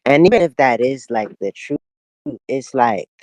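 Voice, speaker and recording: A man's voice: medium pitch, expressive, normal speed, a little mellow, dry recording. A young man co-hosting a casual podcast from his backyard, talking in a laid-back, thoughtful way with many fillers. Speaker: podcast co-host. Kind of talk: casual chat. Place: backyard at home, outdoors.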